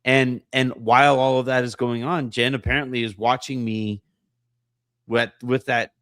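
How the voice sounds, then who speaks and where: A hoarse man hosts a casual podcast, rambling along with plenty of fillers and false starts. He pokes fun at himself as he talks. His voice sits close and dry against the mic, with a middling pitch. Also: flat delivery, moderate pace, a bit bright, no echo. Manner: rambling, self-deprecating, many fillers and restarts. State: hoarse, voice partly gone. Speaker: podcast host.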